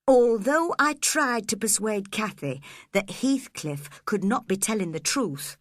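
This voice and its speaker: A woman narrates an audiobook in a slow, measured storytelling voice. Her pitch moves expressively. The sound is dry and close, with no room echo. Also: fairly bright tone.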